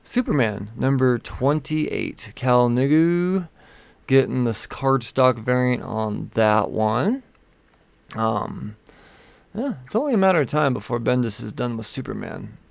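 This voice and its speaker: A man's voice: medium pitch, expressive, measured pace, gravelly, dry recording. A man hosting a comic book podcast on his own, talking loosely and profanely as he rambles through the week's releases between sips of vodka. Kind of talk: casual solo podcast rundown.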